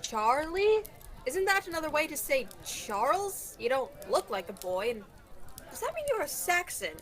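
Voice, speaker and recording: A woman's voice: high-pitched, very animated, normal speed, fairly bright tone. A teenage girl playing a chatty, teasing young Viking woman in a school radio play. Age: teens.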